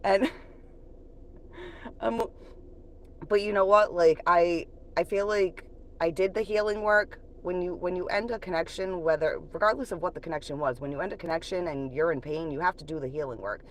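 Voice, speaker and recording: A woman's voice: on the low side, moderate pace, slight background noise. Profane woman venting on a livestream. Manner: profane, blunt and heated, with frequent laughs; reflective when talking about moving on. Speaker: livestream host. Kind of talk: casual live-stream venting.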